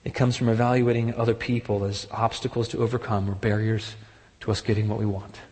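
A man preaching a sermon with emphatic delivery, rising high when he mimics people's excuses. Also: flat delivery, a little fast, darkish tone, slightly rough. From partly German heritage. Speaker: pastor. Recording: long hall reverb.

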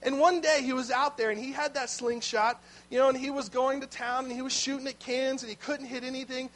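A man's voice: extremely high pitch, steady tone, brisk, fairly bright tone, rough recording. A man preaching a sermon as pastor, telling a story in a conversational way with asides to the congregation.

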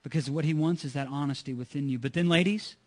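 A man's voice: a little high, fast talker. A man preaching a sermon as pastor, earnest and repetitive, asking his listeners rhetorical questions.

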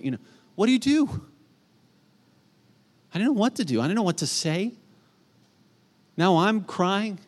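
A middle-aged man preaching a sermon, earnest, swinging from emphatic peaks to soft, hushed storytelling. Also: mid-range voice. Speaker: pastor.

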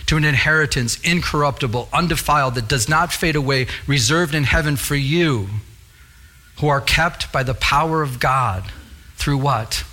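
A middle-aged pastor preaches earnestly, repeating his phrases and reading scripture aloud. His voice is bright and crisp, sitting a little high for a man. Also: normal speed. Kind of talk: sermon.

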